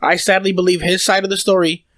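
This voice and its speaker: A man's voice: high-pitched, level tone, quick pace, fairly bright tone, no echo. A young man telling a long, rambling family story in casual podcast chat, swearing often. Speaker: podcast co-host.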